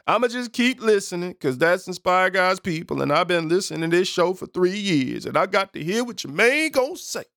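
A man's voice: high voice, big pitch swings, fairly quick, gravelly, hardly any pauses, a bit bright, no echo, pitched above the performer's own voice, exaggerated voice. An eager longtime listener with a lifted, playful voice, as a man puts him on. The sound is dry and close, with no room around it. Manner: raised, playful imitation. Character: eager longtime male listener, casual and loyal.

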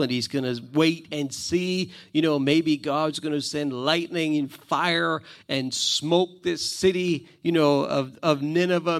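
A man's voice: a little high, creaky. A man preaching a sermon, emphatic and repeating phrases for stress.

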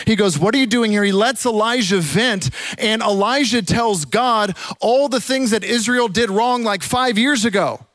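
A man preaching a sermon as a pastor, telling the story with animated energy and dropping to a hush for the quiet parts. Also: high voice, moderate pace, no room sound. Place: church.

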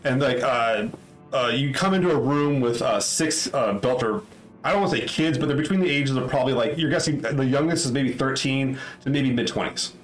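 Rambling game master in a roomy room. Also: male voice, mid-range voice, fairly quick, faint music behind. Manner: rambling, many fillers and restarts. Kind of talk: narrating a tabletop game.

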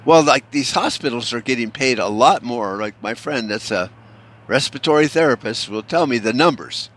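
A man from the United States rants casually in a rambling, sarcastic way. He swears often and restarts his sentences, and his voice sits in a mid-range pitch. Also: a bit bright. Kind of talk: casual profane rant.

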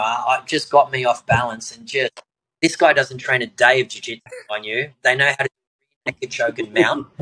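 A man at a middle pitch, telling a long story as a podcast guest. He jumps into the voices of the people in his tale and chuckles his way through the punchlines. The tone is loose and conversational. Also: fairly bright tone, low-quality recording. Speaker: podcast guest, jiu-jitsu professor. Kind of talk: casual storytelling.

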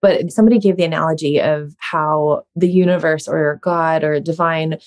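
Chatty, lower-voiced woman host. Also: fairly even intonation, moderate pace, a little mellow. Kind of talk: casual podcast chat.

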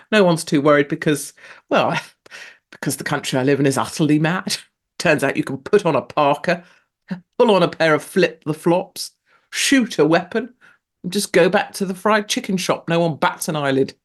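A woman hosting a show in a casual, rambling monologue. She laughs often and her pitch leaps up sharply for emphasis. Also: lively intonation, normal speed. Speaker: show host.

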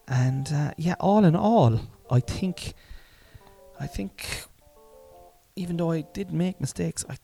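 A man's voice: a little high, expressive, moderate pace, gravelly, hardly any pauses, mellow, faint music behind. A man in his forties musing aloud in a casual, rambling monologue, self-mocking and swearing freely. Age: 40s.

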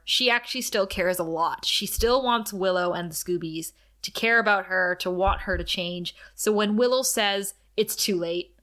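Bright, animated woman recapping a show. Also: medium pitch. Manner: animated retelling, reads out dialogue with laughs. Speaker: podcast co-host recapping a TV episode. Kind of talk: casual chat.

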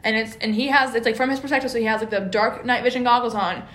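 A young woman co-hosting a podcast in casual chat, telling stories in an animated, rambling way full of "like". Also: on the high side, quick pace. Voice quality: rambling and animated, heavy "like" filler. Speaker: podcast co-host. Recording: echoey room.

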